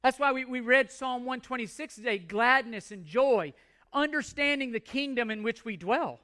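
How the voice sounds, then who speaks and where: Male pastor delivering an emphatic sermon; bright, forceful tone. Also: very high voice, normal speed. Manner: emphatic preaching with repeated phrases and scripture readings.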